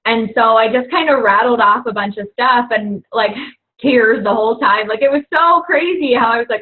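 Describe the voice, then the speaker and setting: A woman's voice: a little high, normal speed. A young woman coach talking casually and earnestly to fellow coaches, rambling with lots of "you know" and "like". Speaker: fitness coach. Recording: tinny phone-like audio.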